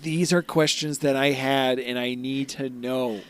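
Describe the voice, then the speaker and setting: A man's voice: mid-range voice, steady tone, measured pace, slight background noise. A man co-hosting a casual podcast with playful, jokey banter. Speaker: podcast co-host. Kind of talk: casual chat.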